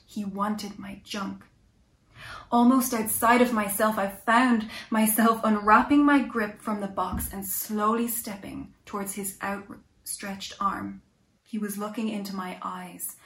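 A woman telling a first-person story in an unhurried, reflective way, soft at its quiet moments. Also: medium pitch. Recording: echoey room.

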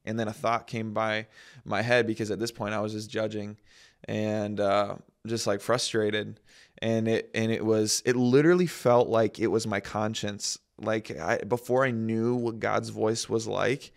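A man with a low, gravelly voice tells a personal story in a relaxed faith conversation. He rambles and restarts his sentences often, and his pitch stays flat and even. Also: normal speed. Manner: rambling, self-interrupting storyteller.

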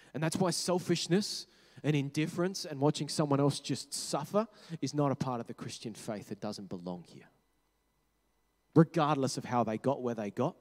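A man preaching a sermon, talking conversationally, correcting himself and dropping to quiet low tones for emphasis. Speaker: pastor. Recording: long hall reverb.

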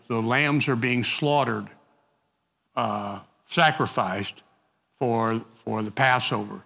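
Slow, bright-voiced man leading Bible study. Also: mid-range voice, big-room sound. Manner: halting, repeats words and restarts, conversational.

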